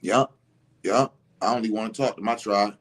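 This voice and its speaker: Animated, profane man telling a story. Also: lowish voice, normal speed. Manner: animated, profane, gets loud and emphatic. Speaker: podcast host. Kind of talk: casual storytelling chat.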